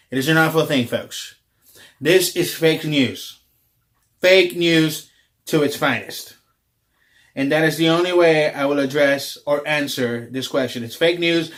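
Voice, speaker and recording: A man's voice: a little high, fairly bright tone, close to an everyday voice. A man doing a comic impression of a pompous male politician who repeats himself as he rails at the press. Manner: repetitive, declaring things terrible and fake.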